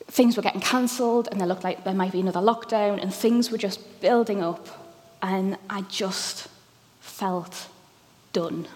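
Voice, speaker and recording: A woman's voice: mid-range voice, a little mellow. A woman, preaching a conversational sermon with frequent ums. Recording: long hall reverb.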